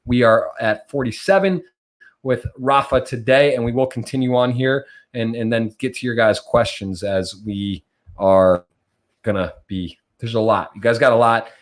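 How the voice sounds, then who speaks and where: A man's voice: mid-range voice, moderate pace. A man hosting a live-streamed poker podcast, chatty and upbeat, often restarting his sentences. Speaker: podcast host.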